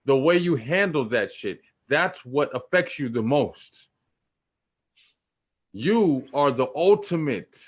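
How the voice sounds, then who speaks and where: Blunt, slangy man giving spiritual advice. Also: mid-range voice. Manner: informal, blunt and preachy, slangy, repeats himself for emphasis. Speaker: spiritual teacher. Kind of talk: casual spiritual teaching talk.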